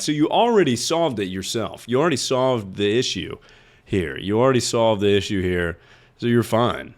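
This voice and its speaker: A man's voice: mid-range voice, sing-song, measured pace, long pauses. A young man streaming, giving mock-serious therapy advice in a rambling, joking way. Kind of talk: casual chat.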